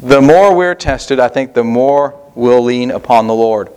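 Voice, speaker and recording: A man preaching a sermon in an earnest, repetitive cadence with measured pauses. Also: mid-range voice, darkish tone, clean tone. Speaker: pastor.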